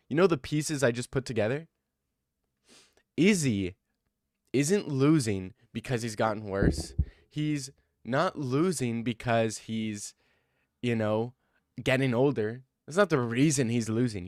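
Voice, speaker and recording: A man's voice: mid-range voice, normal speed, dry recording. Rambling man riffing on fight picks, dry sound. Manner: rambling, thinks aloud, breaks into excited rants. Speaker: MMA commentator. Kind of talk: casual fight-card commentary.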